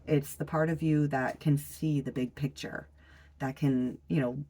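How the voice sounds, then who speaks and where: A tarot reader giving a casual reading, unhurried and full of pauses and fillers, blunt and swearing now and then. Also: mid-range voice, steady tone, dark tone. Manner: loose and unhurried, frequent fillers and trailing pauses; blunt, with the odd swear word.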